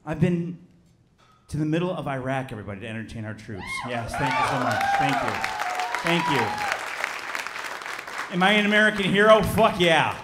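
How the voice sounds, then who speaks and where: A man in his thirties from Chicago doing a stand-up comedy set, telling a story with lively acted-out voices and shouted punchlines. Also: fairly high pitch, moderate pace, long pauses, roomy sound, a loud crowd, heavy background noise. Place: theater stage before a live audience.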